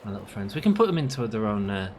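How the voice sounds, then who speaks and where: A man's voice: on the low side, big pitch swings, rapid-fire, darkish tone, a little hiss or hum. A young man giving casual gameplay commentary, chatting to the animals on screen and to his viewers. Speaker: gaming channel host.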